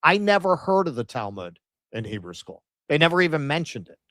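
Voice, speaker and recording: A man's voice: fairly high pitch, big pitch swings, fairly quick, pushed and bright, dry recording, clean studio sound. A man co-hosting a casual livestream, talking in a wry, conversational way. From New York. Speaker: co-host.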